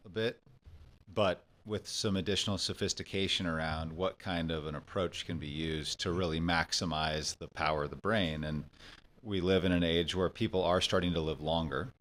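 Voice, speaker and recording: A man's voice: low-pitched, steady tone, moderate pace, a bit bright. A man who works as an entrepreneur and health tech investor, asking long, thoughtful questions in an interview.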